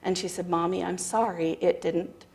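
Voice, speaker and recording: A woman's voice: lowish voice, normal speed, vocal fry. A woman speaker at a spiritual center telling a personal story to a congregation, acting out the dialogue with wry laughter. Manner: animated storytelling with quoted dialogue. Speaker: guest speaker. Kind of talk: storytelling talk.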